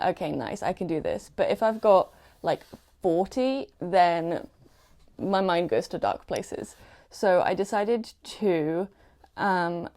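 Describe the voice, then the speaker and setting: A young woman with an English accent talks casually into a new desk mic at home. She rambles, pokes fun at herself and fills her pauses with ums and likes, like someone chatting while her hands are busy. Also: fairly low pitch, vocal fry, a little mellow, low-quality recording. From England. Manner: chatty and rambling, self-deprecating, frequent fillers. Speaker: small clothing business owner. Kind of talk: casual chat while packing orders. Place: at home, sitting on a squeaky chair.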